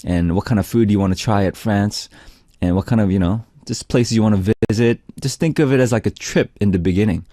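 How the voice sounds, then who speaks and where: Relaxed, chatty male radio DJ. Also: lowish voice, fast talker, no echo, clean studio sound. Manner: relaxed, chatty, lots of "like" and "you know". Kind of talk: casual radio hosting, reading listener messages. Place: radio studio. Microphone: studio microphone.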